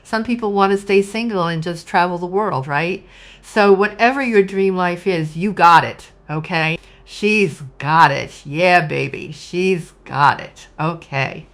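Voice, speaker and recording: Woman, middle-aged, lower voice; casual gushing tarot reader, emotional. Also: measured pace. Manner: warm, gushing, emotional, addresses viewers as "you guys". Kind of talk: casual tarot reading monologue.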